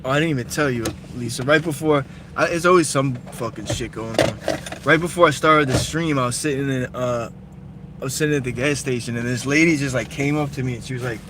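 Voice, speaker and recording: A man's voice: mid-range voice, brisk, a bit bright, a little hiss or hum. Young man streaming from his car. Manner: loose, profane storytelling. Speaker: livestreamer. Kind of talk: casual live-stream chat while driving. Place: inside a car at night.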